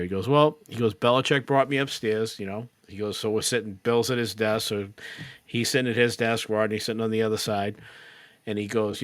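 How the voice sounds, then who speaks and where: A man with a fairly low voice tells a long anecdote in casual podcast chat. He acts out the people in the story as he goes. The sound is dry and close. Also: a little fast, dry recording. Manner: animated, quotes people in his stories. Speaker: podcast guest. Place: podcast recording.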